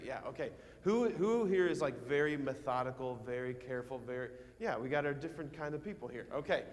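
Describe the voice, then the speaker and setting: A male priest, his voice a touch higher than most men's, gives a lively homily to schoolchildren. He tells a story from his boyhood and keeps turning to ask the kids questions. The sound carries a long church reverb. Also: brisk. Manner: animated, storytelling, asks the children questions. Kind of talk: children's homily.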